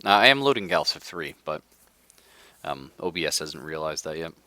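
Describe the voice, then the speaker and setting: A young man live-streaming a strategy game, hoarse from being sick, ranting in casual chat and laughing often. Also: very deep voice, big pitch swings, normal speed, bright, forceful tone, no room sound. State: hoarse from illness. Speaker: livestreamer.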